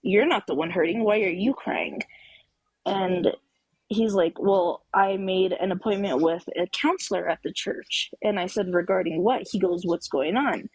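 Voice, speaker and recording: Husky woman telling an emphatic story. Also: medium pitch, normal speed, darkish tone, no echo, poor audio. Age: adult with children. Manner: emphatic storytelling, acts out quoted dialogue. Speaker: caller. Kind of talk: personal story on a live call-in talk show.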